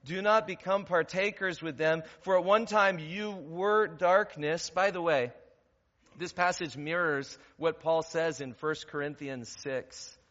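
A man's voice: fairly high pitch, measured pace. Man preaching with rhetorical questions, lo-fi. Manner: rhetorical questions, builds to loud emphatic stretches. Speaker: pastor. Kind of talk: sermon. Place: church sanctuary. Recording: long reverb, dull lo-fi church recording.

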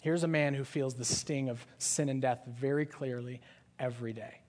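A man's voice: mid-range voice, steady tone, normal speed, a little mellow. A man preaching a sermon in a conversational style, often asking his listeners questions. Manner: conversational, asks the audience questions. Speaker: pastor.

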